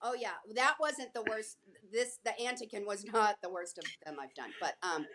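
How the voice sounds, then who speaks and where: A woman's voice: mid-range voice, normal speed, sharp tone. A middle-aged woman who is an actress and a guest, telling stories in casual chat and acting out the voices of the people she quotes.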